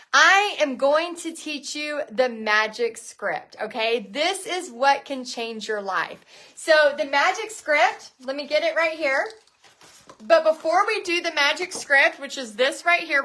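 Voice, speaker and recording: A woman hosting a live online painting class, talking in an energetic, chatty way and often restarting her sentences. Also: high-pitched. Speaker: painting instructor and bootcamp host.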